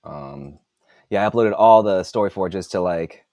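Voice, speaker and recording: A man's voice: fairly low pitch, expressive, measured pace, vocal fry, a little mellow, no room sound, clean studio sound. A man in his forties chatting casually on a live stream, rambling and muttering to himself as he works on a computer, swearing freely. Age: 40s. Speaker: author and podcast host. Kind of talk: casual live-stream chat while working.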